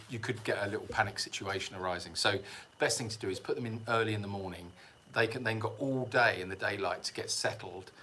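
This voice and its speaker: English guy hosting a sanctuary livestream, bright tense voice, jokey and chatty, bit of background hiss. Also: on the low side. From England. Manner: chatty, jokey, explains patiently. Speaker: animal sanctuary livestream host. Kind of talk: casual livestream chat reading viewer comments.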